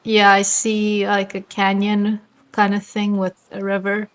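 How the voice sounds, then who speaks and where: A woman's voice: medium pitch, completely flat delivery, measured pace. A woman playing in a tabletop game, answering in a casual, hesitant way. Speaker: player. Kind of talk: casual chat.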